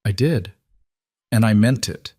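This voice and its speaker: A man's voice: on the low side, measured pace, dark tone, husky, no room sound, studio quality. A man voicing a grim, protective male mafia boss who speaks in clipped sentences. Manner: terse, clipped statements.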